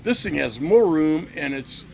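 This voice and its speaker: Brief: middle-aged male vlog host, gravelly voice, angry and profane, talking off the cuff. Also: fairly high pitch, animated, unhurried, a little hiss or hum. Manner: profane, heated, repeats himself. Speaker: channel host. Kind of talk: angry unscripted rant to camera.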